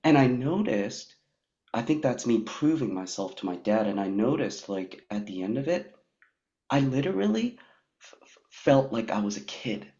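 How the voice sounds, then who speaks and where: Halting man on dull lo-fi audio. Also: medium pitch, big pitch swings, warm tone. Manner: halting, full of "like" and restarts. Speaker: participant. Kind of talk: candid personal sharing.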